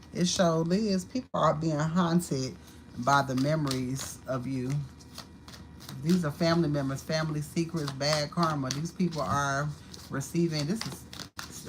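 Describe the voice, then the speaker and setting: A woman's voice: low-pitched, a little hiss or hum, rough recording. A woman giving a live-streamed tarot card reading at home, talking in a blunt, profane and repetitive way. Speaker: tarot reader. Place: home apartment.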